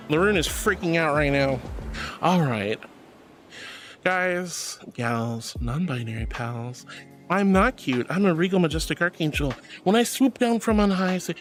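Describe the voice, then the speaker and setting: A woman's voice: on the low side, big pitch swings, measured pace, faint music behind. A woman streamer chatting casually on a livestream, playful and theatrical, slipping into grand mock-solemn tones. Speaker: VTuber streamer.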